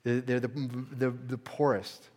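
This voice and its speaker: A man preaching a sermon as pastor, earnest, building to emphatic peaks and dropping to soft, quiet stretches. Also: medium pitch, completely flat delivery, a little slow, long reverb tail. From United States. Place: church sanctuary.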